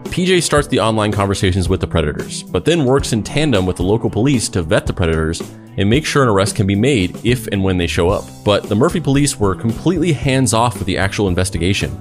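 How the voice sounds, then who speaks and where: A man hosting a podcast who gives wry, deliberate commentary and then reads scripted narration. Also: on the low side.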